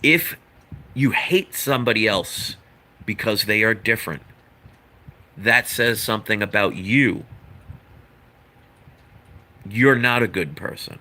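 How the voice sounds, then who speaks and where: A man's voice: on the low side, takes it slowly, pauses often, bright, forceful tone. A man giving an earnest, rambling opinion monologue as a vlogger. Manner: earnest, lecturing, rambling with asides.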